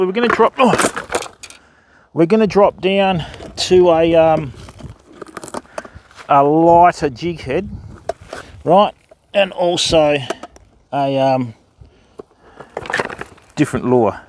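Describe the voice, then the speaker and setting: Aussie bloke livestreaming his fishing, slightly high voice, matey chat, bit of faint noise. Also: expressive, slow pace, pauses often. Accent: Australian. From Western Australia. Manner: matey, chatty, talks to viewers by name. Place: riverbank outdoors.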